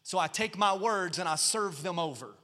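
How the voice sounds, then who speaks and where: A man preaching a sermon as pastor, with energetic, punchy delivery that builds in emphasis. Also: high voice, moderate pace. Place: church sanctuary. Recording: long hall reverb.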